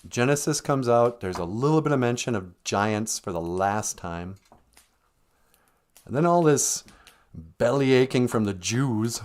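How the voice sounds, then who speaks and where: A man's voice: mid-range voice, expressive, a little slow, darkish tone. A man delivering a rambling, sardonic comic monologue on a live stream. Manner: sardonic, rambling, with mocking put-on voices.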